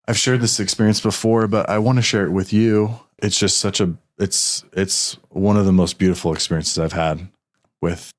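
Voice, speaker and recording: A man's voice: low voice, fairly even intonation, normal speed. A man hosting a podcast, telling a personal story earnestly and getting a little emotional, with many restarts. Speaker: podcast host. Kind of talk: casual podcast conversation.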